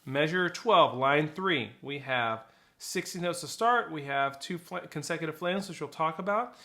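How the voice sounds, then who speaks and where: A man's voice: fairly high pitch, lively intonation, normal speed, a little hiss or hum. A man teaching snare drum technique, explaining flams and rolls and counting rhythms aloud. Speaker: percussion teacher. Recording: loud drumming behind the voice.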